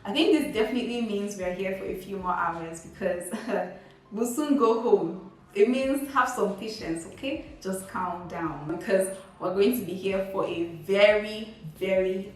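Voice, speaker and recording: A woman's voice: mid-range voice, a little slow. A young woman, chatting casually as a vlogger and reading quiz questions aloud with frequent laughs. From Nigeria. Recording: very echoey room, mic far off.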